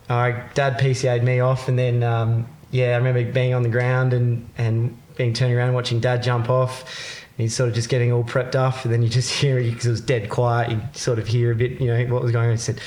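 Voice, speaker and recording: Australian guest storyteller, rambling and jokey, echoey room. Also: male voice, medium pitch, level tone, a little fast, a little mellow. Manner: laughs through his stories, loose and rambling. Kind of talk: casual storytelling.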